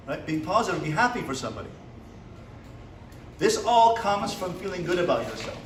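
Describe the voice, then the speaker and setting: A rabbi lectures a seminary class to motivate them, speaking a little high and a little fast with lively intonation and frequent pauses. He asks the audience questions and plays out small dialogues; the echoey room is recorded from a distance with slight background noise.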